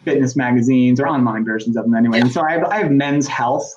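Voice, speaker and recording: A man's voice: medium pitch, fast talker, darkish tone, muffled recording. A middle-aged man from the southern United States co-hosting a podcast, chatting in a rambling, self-deprecating way. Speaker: podcast co-host. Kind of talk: casual chat.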